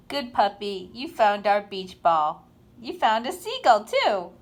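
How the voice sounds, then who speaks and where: A woman reading a children's picture book aloud in an expressive, sing-song storytime manner. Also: on the high side, takes it slowly.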